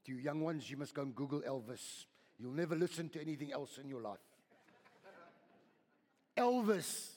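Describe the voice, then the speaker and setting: An older man preaching a sermon as pastor, swinging from loud, high exhortation to hushed whispers and repeating his words. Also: fast. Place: church hall. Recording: long hall reverb.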